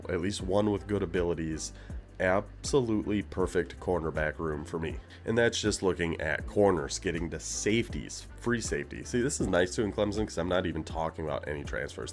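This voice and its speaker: Deep-voiced man giving casual game commentary. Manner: relaxed, conversational, rambling with asides. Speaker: gaming channel host.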